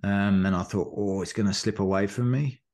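A man on a podcast, chatting casually and telling an animated race story full of acted-out quotes. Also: fairly low pitch, normal speed. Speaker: podcast co-host, marathon runner. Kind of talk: casual chat recounting a race.

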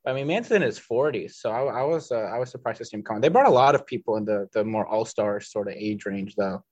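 A man co-hosting a casual podcast chat, quick and joking, reading out lists. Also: fairly low pitch, a little mellow, no echo, highs cut off. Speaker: podcast co-host.

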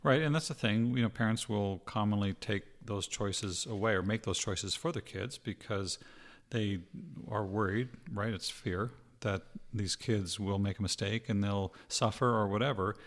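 Podcast co-host, middle-aged man, lowish gravelly voice, reflective. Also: moderate pace. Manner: reflective, thinks aloud with many fillers. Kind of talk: casual podcast conversation.

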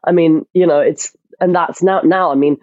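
An actress chatting as a guest in an interview, telling lively stories with lots of restarts. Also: female voice, deep voice, moderate pace, no room sound, phone-quality sound. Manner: animated storyteller, frequent restarts. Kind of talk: casual interview chat.

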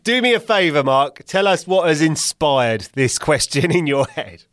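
A male host with a fairly high voice asks his guest questions slowly and playfully. His pitch moves a lot, and the recording is dry and close. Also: big pitch swings, a bit bright, no echo. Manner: laughing, teasing questions. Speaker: podcast host. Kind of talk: casual chat.

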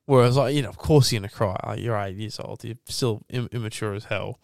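Gravelly young man. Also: lowish voice, a little fast, a little mellow, dry recording, clean studio sound. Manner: storytelling, emphatic, acts out quotes. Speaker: podcast co-host. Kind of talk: casual chat.

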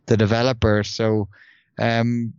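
Man, podcast co-host, casual rambling chat, news reading, mid pitch, muffled lo-fi mic. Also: completely flat delivery, takes it slowly, darkish tone, smooth, no room sound. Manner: rambling, many restarts and fillers.

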